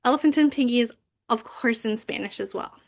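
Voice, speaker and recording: A woman's voice: a little high, fairly quick, vocal fry. A woman giving a training session on reading picture books aloud, breaking into big, playful voices for the characters. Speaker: library youth services manager.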